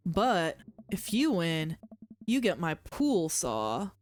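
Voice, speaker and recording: A woman voicing a confident, competitive fisherman dad in a lowered, broadcaster-like voice. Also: animated, a little slow, soft background music. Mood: boastful. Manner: deeper put-on voice aiming for a broadcaster sound.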